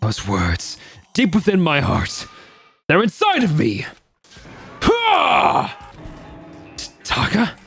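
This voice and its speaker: A man voicing a hot-headed young male student who bellows and shouts his declarations. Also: extremely high pitch, very animated, slow, creaky, pauses often, husky, faint music behind, voice pushed up, heavily acted. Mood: fired up.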